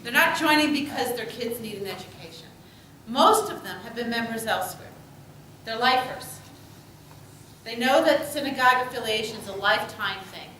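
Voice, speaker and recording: A woman's voice: a little high, animated, moderate pace, sharp tone, slight background noise. A woman rabbi leading a group discussion, affirming people's answers and joking lightly. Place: synagogue meeting room. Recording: echoey room picked up from far off.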